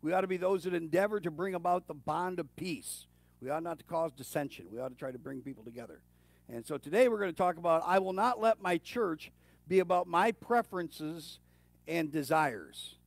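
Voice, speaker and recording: A pastor delivers a conversational sermon, preaching in a casual, folksy manner with fillers and restarts, talking with his congregation rather than at them. His voice is fairly high-pitched and brisk, with no echo.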